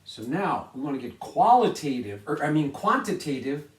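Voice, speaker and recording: A man's voice: a little high, sing-song, normal speed. A man teaching a science lesson in a casual, upbeat way, laughing often and checking that students follow along. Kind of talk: casual classroom video lesson. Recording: echoey room.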